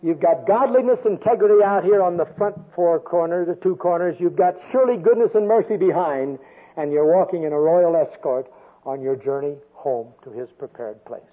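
An older man preaching a sermon with a storytelling manner, swinging from loud emphasis down to a soft hush. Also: on the high side, moderate pace. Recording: tinny phone-like radio sound.

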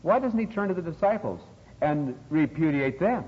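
Older male preacher with lively emphatic delivery. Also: on the high side, fairly quick. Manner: emphatic, dramatic rises on scripture quotes. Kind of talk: expository sermon. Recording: dull, lo-fi, long reverb in a hall.

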